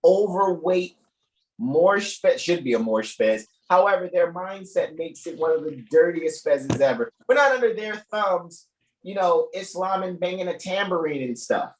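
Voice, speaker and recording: A man hosting a live reading, talking off the cuff in a rambling, animated way and laughing often. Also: high voice, normal speed. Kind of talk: casual improvised commentary. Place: room in a shop. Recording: echoey room.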